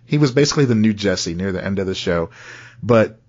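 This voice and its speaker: A man's voice: lowish voice, lively intonation, a little fast, darkish tone, highs cut off. A man co-hosting a podcast, talking in a loose, chatty way with frequent laughs and asides. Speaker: podcast co-host. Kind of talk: casual chat.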